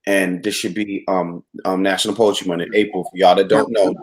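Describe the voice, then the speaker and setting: A man's voice: sits low, little pitch movement, background noise. Earnest man hosting a casual chat. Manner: reflective, earnest, halting with restarts. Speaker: host and venue owner.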